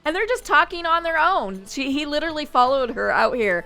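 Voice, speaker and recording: A woman's voice: high voice, big pitch swings, brisk, gravelly, few pauses, pushed and bright, faint music behind. A woman hosting a gaming channel, chatting and thinking aloud as she plays. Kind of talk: casual Let's Play commentary.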